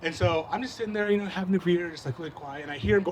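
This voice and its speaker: A man on a live panel telling an animated story in casual slang. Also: high-pitched, rapid-fire. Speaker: panel guest. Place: live event at a cafe.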